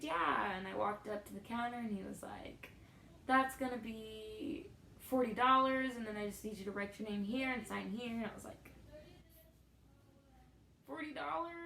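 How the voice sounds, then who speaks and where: A woman's voice: mid-range voice, gravelly, a bit bright, echoey room, a little hiss or hum, rough recording. A young woman vlogging a self-deprecating story about her day, acting out what people said. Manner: self-deprecating, acts out quotes. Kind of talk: storytelling vlog.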